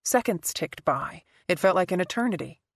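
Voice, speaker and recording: A woman reads a thriller audiobook in scripted narration, telling the story in a steady, even manner. Her voice is lowish at a normal speed, captured in a dry, studio-quality recording.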